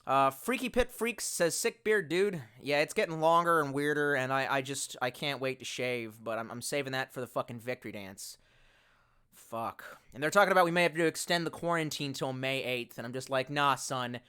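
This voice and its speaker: A man's voice: mid-range voice, a little fast, sharp tone, smooth. A young man hosting a casual livestream in a rambling, profane, exasperated way, talking into a headset. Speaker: livestream host. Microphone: bluetooth headset.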